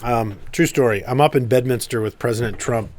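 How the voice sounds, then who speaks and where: A man's voice: mid-range voice, fairly quick, slight background noise. A man who is a congressman, a guest in a casual podcast interview, telling stories emphatically. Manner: storytelling, emphatic.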